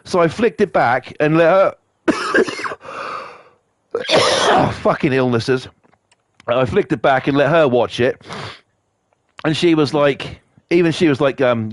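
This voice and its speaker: A man's voice: takes it slowly, pauses often, no room sound. A man streaming to a live chat, ranting angrily and swearing a lot, coughing now and then. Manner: angry, sweary rant with big pitch swings.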